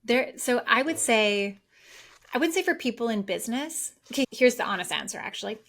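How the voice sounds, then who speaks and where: A woman business coach talking excitedly and at length in a casual podcast conversation. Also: a little high, fairly quick.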